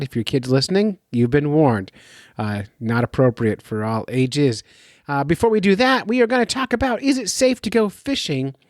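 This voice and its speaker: A man's voice: medium pitch, dry recording, studio quality. A man hosting his own fishing podcast from his basement, talking in an upbeat, joking, self-mocking way. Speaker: podcast host and fishing guide. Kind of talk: casual podcast monologue. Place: home basement.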